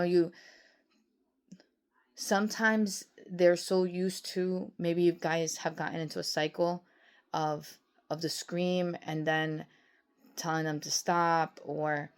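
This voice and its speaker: A woman in her forties, a nurse practitioner, giving parenting advice in a casual, conversational way, often acting out little parent-and-teen exchanges. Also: lowish voice. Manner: warm, conversational, acts out parent-teen dialogue, many restarts. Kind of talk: casual advice talk to camera.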